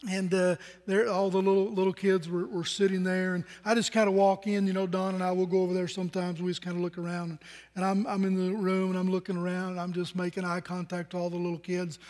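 A man's voice: high voice, monotone, fast talker, a little mellow, in a large hall. A middle-aged man preaching a sermon as a pastor, telling stories and asking the congregation questions. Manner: conversational storytelling, asks the congregation questions. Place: church sanctuary.

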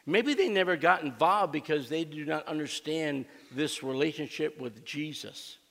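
A man on the high side with a fairly bright tone preaches as a pastor, and a long reverb tail trails his voice through the church sanctuary. The sermon pairs a humorous personal anecdote with emphatic lines he repeats for his church.

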